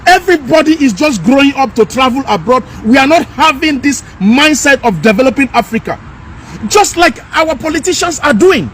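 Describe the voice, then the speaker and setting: A man with a strikingly high-pitched voice, ranting in an emphatic, scolding way and hammering the same phrases again and again. He is recorded outdoors, with a faint hum of street traffic behind him. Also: animated, moderate pace, a bit bright. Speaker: commentator. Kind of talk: impassioned rant.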